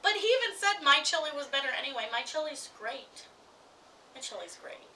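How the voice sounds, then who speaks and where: High bright-voiced woman telling a story. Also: fast talker, recorded from a distance, slight background noise, rough recording. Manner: animated, laughs often, acts out quoted voices. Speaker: podcast co-host. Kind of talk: casual chat, storytelling.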